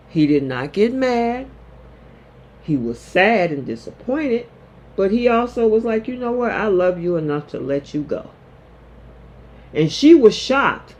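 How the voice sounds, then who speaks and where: A man hosting a casual live-chat soap opera recap, talking straight to viewers in an animated way. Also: high voice.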